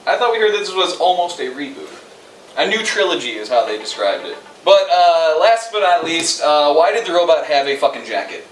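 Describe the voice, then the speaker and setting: A man's voice: on the high side, big pitch swings, fairly quick, a little hiss or hum. A man casually reviewing a movie with a co-host, rambling and sarcastic, with lots of fillers. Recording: echoey room, mic at a distance.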